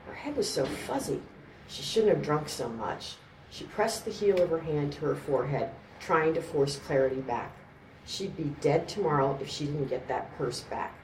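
A woman with a notably low voice reads a story aloud in a steady, measured way. The mic sits some way off in an echoing room, with a faint background murmur. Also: a little hiss or hum. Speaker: narrator. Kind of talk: scripted narration. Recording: roomy, distant mic, faint ambience.

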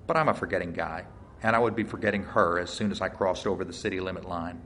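A man's voice: low voice, fast talker, fairly bright tone, slight background noise. A man narrating a first-person mystery story in a dry, wry way.

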